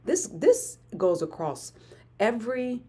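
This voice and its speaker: A woman in her forties hosting a hyped motivational live stream, energetic and repeating phrases for emphasis. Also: on the high side, takes it slowly, slightly rough. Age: 40s. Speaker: motivational livestream host.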